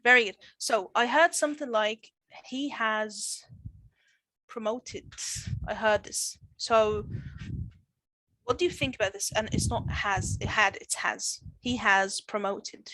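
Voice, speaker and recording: A woman's voice: on the high side, lively intonation, moderate pace, bright, forceful tone, no room sound. A woman teaching a grammar class over a video call, encouraging and full of "all right"s. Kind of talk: online class, leading a grammar demo.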